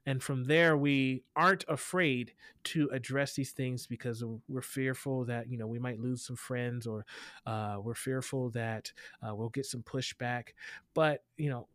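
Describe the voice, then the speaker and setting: A man's voice: medium pitch, steady tone, a little slow, fairly bright tone, dry recording, studio quality. Earnest man talking with many restarts. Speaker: guest, equity educator. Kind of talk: interview conversation.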